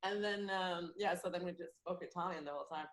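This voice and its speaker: A woman comedian talks casually as a podcast guest, laughing easily and restarting her sentences as she goes. Her voice sits a little low. The recording has a roomy, echoey sound. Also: steady tone, fast talker. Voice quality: chatty, laughs often, speaks freely with many restarts. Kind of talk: casual chat.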